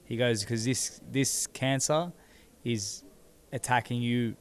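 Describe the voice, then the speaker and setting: A man, seated as an interview guest, telling his own story in a halting way that repeats words as he goes. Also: mid-range voice. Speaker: interview guest, former boxing champion. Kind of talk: candid personal storytelling.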